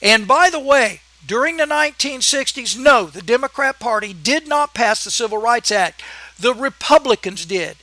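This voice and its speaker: A man with a strikingly high, piercing voice rants on his own channel in a heated, emphatic way, scolding his critics as he goes. The sound is dry and close, with no room in it. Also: lively intonation, moderate pace, pushed and bright, no room sound. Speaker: channel host. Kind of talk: ranting political vlog monologue.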